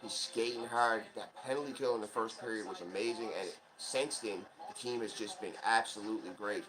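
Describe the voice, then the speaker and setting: Excitable male hockey fan commentator. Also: fairly low pitch, over music, low-quality recording. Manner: excitable, rooting fan, quick play-by-play bursts; chatty asides, admits small slips. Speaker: channel host, fan commentator. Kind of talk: casual live game watch-along commentary.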